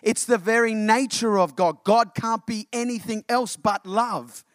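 A man preaching an animated sermon to his congregation, often calling them church. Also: high-pitched, a little slow, dry recording, studio quality. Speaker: pastor.

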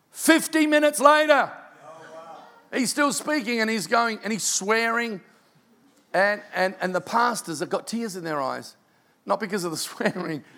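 Man, pastor, sermon, earnest storytelling, high gravelly voice. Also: fairly bright tone.

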